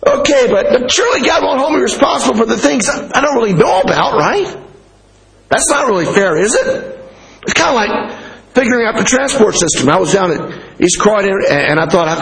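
An American man preaching a sermon, animated and humorous, telling stories with frequent chuckles. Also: sits high, normal speed, poor audio.

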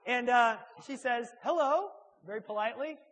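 A man, a church speaker and author, telling a humorous personal anecdote in a halting, self-deprecating way. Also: high-pitched, animated, fairly bright tone.

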